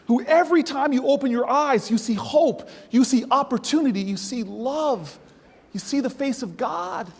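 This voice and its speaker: High-voiced man preaching in a big hall. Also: darkish tone, breathy edge. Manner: preacherly, building to soaring emphasis. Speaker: keynote speaker. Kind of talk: stirring conference speech. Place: large conference hall. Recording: long reverb of a large hall.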